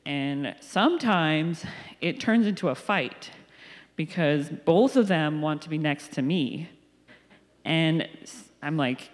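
A woman's voice: low voice, animated, slow. A woman in her thirties giving a sermon, chatty and personal, telling stories with little asides. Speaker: pastor. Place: church hall. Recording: church hall reverb.

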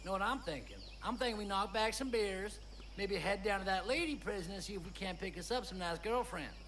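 An actor playing a rowdy young redneck party dude who rambles with goofy bravado in a drawl. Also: male voice, sits high, brisk. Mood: rambling. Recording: game audio with loud background noise.

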